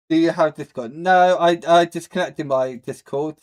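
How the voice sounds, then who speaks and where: A British man hosts a live stream in a loose, rambling way, answering viewers and dropping casual swears between plenty of fillers. He talks slowly, and his voice sits a touch high for a man. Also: steady tone, a little mellow, clean tone. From Britain.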